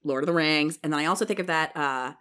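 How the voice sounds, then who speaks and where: A woman's voice: sits low, quick pace, fairly bright tone. A woman co-hosting a podcast, chatty and gossipy in casual conversation. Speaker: podcast co-host. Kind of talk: casual chat.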